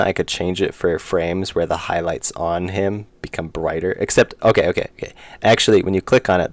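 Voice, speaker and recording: While working on his indie game on stream, a man rambles casually with chat, cutting himself off and chuckling along the way. His voice is low and the recording is dry.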